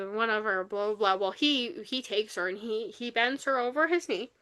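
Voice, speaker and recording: A young woman co-host tells a book plot in a loose, animated way, full of "like" and "you know." Her voice sits high and bright. It is recorded dry and close, with no room sound. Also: moderate pace, few pauses, no echo. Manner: animated retelling with frequent fillers. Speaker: podcast co-host. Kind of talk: casual book review chat.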